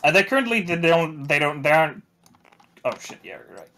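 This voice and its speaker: A man narrating as game master of a tabletop game, halting and full of restarts. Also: a little high, big pitch swings, vocal fry, sharp tone.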